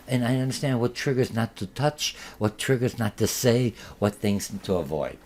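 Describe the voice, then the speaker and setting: A man's voice: mid-range voice, lively intonation, normal speed, few pauses, a little mellow. A man teaching a college marketing lecture in a rambling, conversational way, with many restarts and acted-out examples. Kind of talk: recorded lecture.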